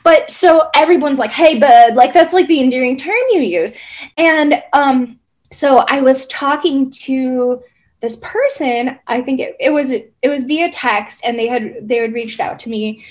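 High-voiced soft-spoken woman rambling gently. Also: unhurried. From Southern Indiana, USA. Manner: soft, rambling, many hesitant fillers. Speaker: therapist guest. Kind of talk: casual conversation.

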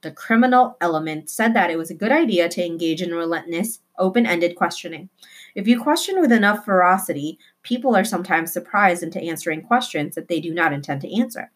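A woman reading a children's novel aloud with expressive delivery, slowing down for emphasis. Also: on the low side. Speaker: reader.

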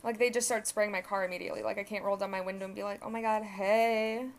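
A woman's voice: mid-range voice, fairly even intonation, very fast, vocal fry. Chatty young woman rambling solo. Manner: rambling and chatty, lots of "like", swears freely; self-correcting, conversational storytelling. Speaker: podcast host. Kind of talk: casual solo chat.

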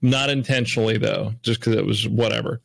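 A man's voice: fairly low pitch, steady tone, brisk, gravelly, no echo. A man in a casual group voice call, rambling through his opinion with lots of likes and restarts. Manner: rambling, many fillers. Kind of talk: casual chat.

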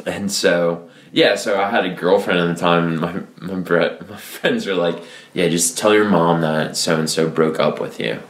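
A man's voice: sits low, normal speed, few pauses. A young man from New Orleans, a podcast guest telling a story with lots of laughter and acted-out quotes. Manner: animated storyteller, laughs often, acts out quotes. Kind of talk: casual storytelling. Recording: echoey room with faint noise.

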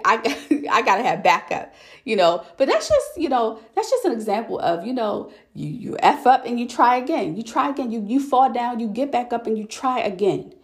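A young woman podcast host chatting casually, telling a story in an animated way and calling her listeners y'all. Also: mid-range voice. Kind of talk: casual solo chat.

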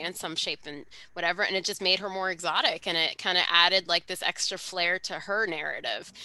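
A woman co-hosting a podcast, telling a gossip story in casual chat with quick, animated asides. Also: fairly low pitch, no room sound. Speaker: podcast co-host.

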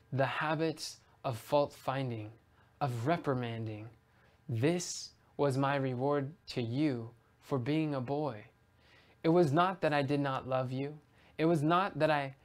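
A man with a somewhat high voice reads a letter aloud as a podcast host. He takes it earnestly and without hurry, sometimes stumbling and restarting a phrase. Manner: earnest, unhurried reading with small slips and restarts.

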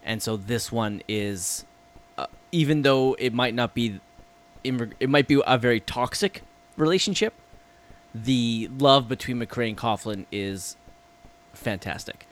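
A man co-hosting a podcast in casual chat, enthusiastic, swearing freely and trailing off as he gets excited. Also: medium pitch, measured pace. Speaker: podcast co-host.

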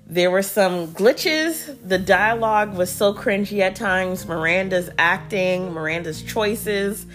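A woman's voice: medium pitch, takes it slowly, fairly bright tone. A woman in her early thirties hosting a podcast, recapping a TV show in casual, slangy chat with dramatic reenactments.

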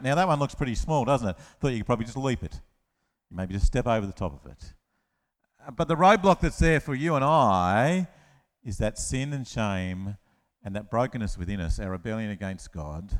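A man preaching a lively children's-talk sermon, telling the story with playful asides and acted-out voices. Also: mid-range voice, normal speed. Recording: long hall reverb.

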